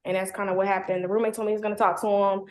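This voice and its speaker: A woman's voice: medium pitch, little pitch movement, racing, a little mellow. A young woman telling her own story in casual, slangy talk, packed with "like" and blunt language, in a roomy, echoey recording. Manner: heavy "like" fillers, slangy, blunt. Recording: roomy echo.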